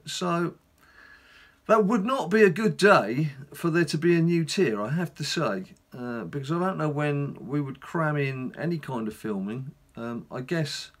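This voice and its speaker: A middle-aged man, casually commenting on his own gameplay in a rambling, chatty way with wry asides. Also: fairly high pitch. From England. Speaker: gaming channel host.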